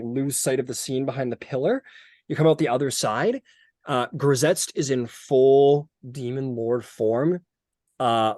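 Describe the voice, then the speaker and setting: A man's voice: medium pitch, dry recording. A man narrating as game master of a tabletop game, rambling with many fillers.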